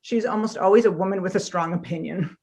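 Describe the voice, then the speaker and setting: A woman's voice: mid-range voice, fast talker, darkish tone. A woman author, a guest in a conversational interview, telling stories with animation and acting out the voices she quotes.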